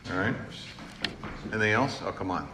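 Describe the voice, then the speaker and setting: A middle-aged man speaking to an audience in a large hall, telling self-deprecating stories with a lively, up-and-down pitch. His voice carries a long hall reverb over steady room noise. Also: moderate pace. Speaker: former governor giving a speech. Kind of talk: informal speech anecdotes to an audience.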